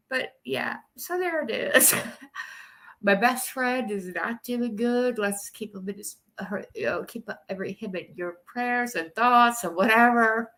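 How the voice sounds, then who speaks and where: A woman's voice: on the high side, measured pace, fairly bright tone. A woman streaming live, crying and rambling with nervous laughs as she talks to her chat. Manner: tearful, rambling, laughing through tears. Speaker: livestreamer. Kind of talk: casual livestream chat.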